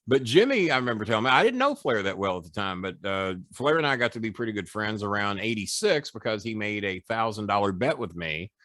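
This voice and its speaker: A man in his sixties, a podcast guest and former wrestling manager, telling animated, profane stories and acting out the people in them. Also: fairly low pitch, brisk, hardly any pauses, no room sound, clean studio sound. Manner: animated storyteller, profane, doing voices. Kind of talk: podcast storytelling.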